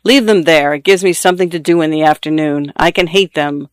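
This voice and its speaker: A sullen husband with nothing to do but drink, blunt and surly in every short reply, as a male reader plays him. The voice is a bit high for a man, and it sounds dry and close. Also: steady tone, brisk, clean tone, no echo, close to an everyday voice.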